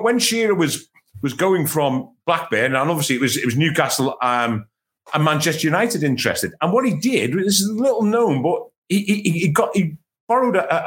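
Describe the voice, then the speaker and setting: A man on a football panel in casual chat, telling anecdotes in an animated way and restarting his words often. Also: medium pitch. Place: at home, remote.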